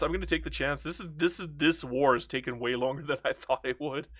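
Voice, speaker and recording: Casting: male gaming commentator, slightly high voice, animated and self-talking, faint music bed. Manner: excitable, joking, frequent self-talk and repetition. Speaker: gaming YouTuber. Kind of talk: let's play commentary.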